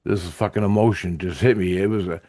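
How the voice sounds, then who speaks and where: A man telling a vlog story of his vision in a rambling, profane and excitable way. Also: low-pitched, quick pace, no echo, studio quality. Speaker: vlogger recounting spiritual visions. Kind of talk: casual storytelling to camera.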